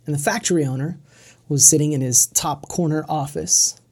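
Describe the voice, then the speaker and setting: Brief: low, husky woman speaker, casual storyteller who repeats herself. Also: normal speed, mellow. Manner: casual, slangy, repeats words as she goes. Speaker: event speaker. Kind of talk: storytelling talk.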